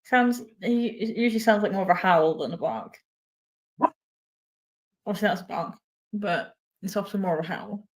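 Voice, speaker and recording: A woman vlogging as a pet sitter, talking to dogs in playful baby talk and echoing their howls. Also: medium pitch. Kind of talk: casual vlog chatter to pets. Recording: echoey room.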